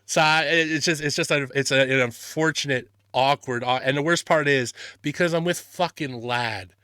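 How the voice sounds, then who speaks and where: Guy hosting a podcast, bright voice, swearing and laughing through his story, dry sound. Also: a little high, moderate pace, smooth, dry recording. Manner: animated, swears a lot, laughs often. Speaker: podcast host. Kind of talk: casual chat.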